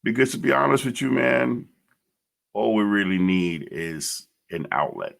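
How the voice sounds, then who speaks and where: A middle-aged man with a very deep, gravelly voice hosts his own podcast. He tells his story in a blunt, emotional monologue and swears freely. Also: expressive, measured pace, a bit bright. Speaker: podcast host.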